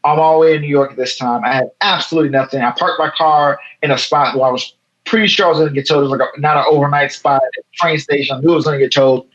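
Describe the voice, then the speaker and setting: A man's voice: a little high, lo-fi sound. A man in his thirties from Chicago, a guest telling a long story in a casual interview, quoting people as he goes. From Chicago, South Side. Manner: animated, fast storytelling with quoted dialogue. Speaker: guest, photo editor.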